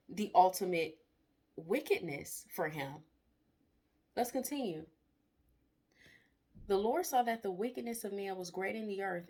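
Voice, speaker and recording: A woman giving a casual online Bible study, reading scripture aloud and breaking off into lively, exclaiming comments. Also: lowish voice.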